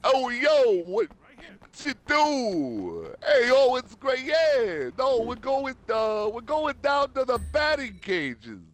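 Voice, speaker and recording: A man voicing a loud, brash young guy from New York on the phone, with a put-on New York accent. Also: big pitch swings, slow pace, heavily acted. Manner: yelling, high and brash.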